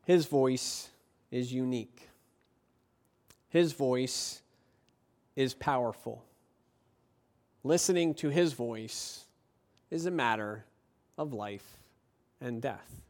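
A man preaching a sermon as pastor, delivering it emphatically with drawn-out phrases and rhetorical questions to his listeners. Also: mid-range voice, darkish tone.

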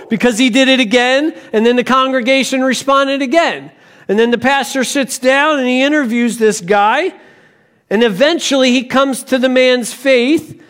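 A man preaching a sermon as pastor, deliberate, with bursts of animated storytelling. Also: very high voice, clean tone.

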